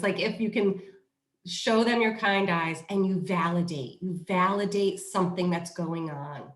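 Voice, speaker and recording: A middle-aged woman, a positive discipline trainer, giving casual parenting advice in an animated way. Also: fairly low pitch. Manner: animated storyteller who acts out quoted voices. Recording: roomy echo.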